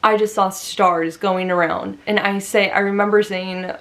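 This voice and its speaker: A woman's voice: mid-range voice, steady tone, measured pace, a bit bright. Woman vlogger, personal story to camera, earnest and emphatic, mid-range voice, chatty fillers.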